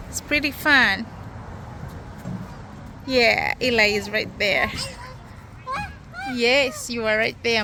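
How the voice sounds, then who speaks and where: Mom vlogging her kids at the park, high sing-songy voice, noisy outdoor phone audio. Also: sharp tone. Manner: sing-song, cheerful, talks to her children. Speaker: vlogger mother. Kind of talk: casual family vlog chat.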